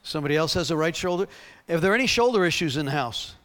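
A fast-talking man with a voice on the high side preaches a sermon about a healing. He performs the exchanges between characters with animation and laughs often.

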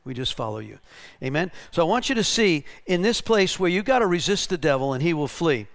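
A man preaching a storytelling sermon in an animated way, restarting and repeating words and rising to shouted bursts. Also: high-pitched, brisk. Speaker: pastor.

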